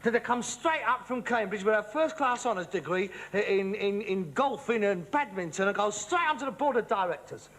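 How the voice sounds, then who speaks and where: A man's voice: sits high, expressive, normal speed, few pauses, a bit bright, full character voice. An actor playing an exasperated, pompous socialist son, ranting and stumbling over his words. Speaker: sitcom actor. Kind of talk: studio sitcom acting. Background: studio audience laughter.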